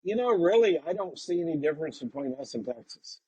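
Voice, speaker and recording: A man's voice: on the high side, sing-song, fairly quick, mellow, slightly rough, no room sound, poor audio. A man co-hosting a casual chat, making blunt teasing jokes. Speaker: podcast co-host.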